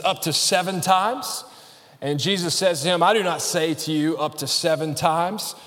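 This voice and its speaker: A man in his thirties preaches to his church, his voice sitting high for a man. He tells a story with humor, slipping into acted-out quotes, and a long hall reverb trails his words. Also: fairly bright tone. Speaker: pastor. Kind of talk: sermon. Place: church sanctuary.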